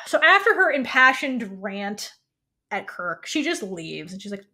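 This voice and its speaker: A woman co-hosting a podcast, recapping a TV episode in animated storytelling with quick asides and casual swearing. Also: mid-range voice. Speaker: podcast co-host.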